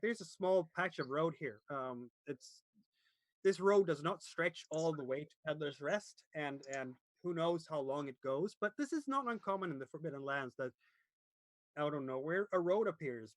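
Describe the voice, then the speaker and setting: A man narrating a tabletop game as game master, pausing often to search for words. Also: a little high, a bit bright, no echo.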